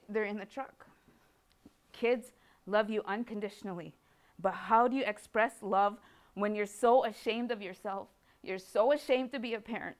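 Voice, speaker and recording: A Canadian woman shares her recovery story in an emotional personal testimony. Her medium-pitched voice is fairly bright and smooth, and she speaks rawly, repeating phrases.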